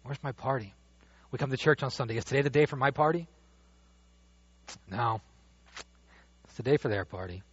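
A man preaching a sermon as pastor, animated, dropping to a hush and rising loud as he acts out the father's words. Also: mid-range voice, brisk, pauses often, husky. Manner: animated, swings from hushed to loud when quoting the father. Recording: dull dry lo-fi sound.

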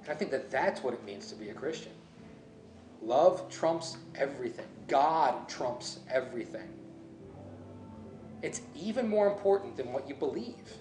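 A man's voice: medium pitch, expressive, moderate pace, darkish tone, echoey room. A man preaching a sermon as a pastor, in a conversational, musing way that often restarts and corrects itself.

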